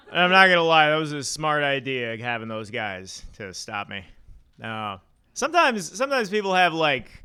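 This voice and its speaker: Bright-voiced male stand-up comic. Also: medium pitch, clear, resonant tone. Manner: deadpan dark jokes with halting fillers. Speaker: stand-up comedian. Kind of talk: stand-up set at an open mic. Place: small comedy club with live audience.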